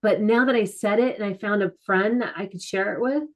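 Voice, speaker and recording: A middle-aged woman, a guest author, telling her personal story candidly in an interview, soft-spoken and halting, often acting out what others said. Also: medium pitch. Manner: soft-spoken, halting, many restarts and quoted asides. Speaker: guest, author and mental health advocate.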